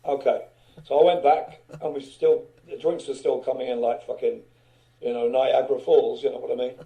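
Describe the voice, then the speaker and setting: A man's voice: medium pitch, fairly even intonation, moderate pace, gravelly, narrow, tinny audio. An older man, a guest musician, telling loose anecdotes in a casual interview, swearing and chuckling as he goes.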